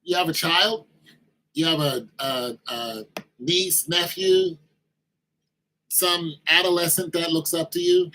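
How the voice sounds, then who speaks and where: A man's voice: on the high side, slow pace, long pauses, bright, forceful tone, poor audio. A man giving an informal sermon-style talk, conversational, acting out little exchanges with kids in raised voices.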